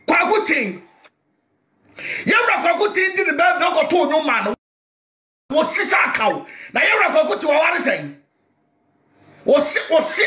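A Ghanaian man rants like a preacher in a very high voice that swings widely up and down. He shouts often and talks with fierce force. The recording is echoey with a faint hiss behind him. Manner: loud, shouting, fiery. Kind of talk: fiery spoken rant. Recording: echoey room, faint noise.

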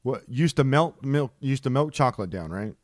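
A man co-hosting a casual comedy podcast who rants excitably and swears a lot. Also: medium pitch, brisk, dry recording, clean studio sound. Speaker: podcast co-host.

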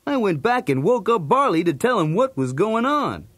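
High, bouncy, streetwise cartoon dog narrating a toy story tape; dry close sound. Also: male voice, sing-song, normal speed, a bit bright, husky, dry recording, heavily acted. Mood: breezy. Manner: jokey, streetwise, punning. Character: cool wisecracking male cartoon dog.

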